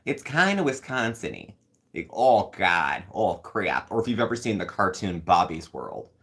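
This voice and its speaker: A man with a low voice hosts a relaxed live-stream chat. He rambles from one thought to the next and answers viewer comments as they arrive. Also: moderate pace. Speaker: host.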